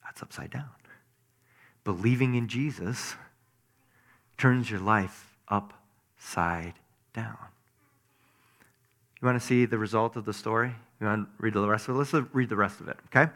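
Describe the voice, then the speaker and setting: A man preaching a sermon, animated, quizzing his listeners, and moving between loud emphasis and hushed asides. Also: on the low side, a little fast. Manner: animated, asks the audience questions, swings between loud and hushed.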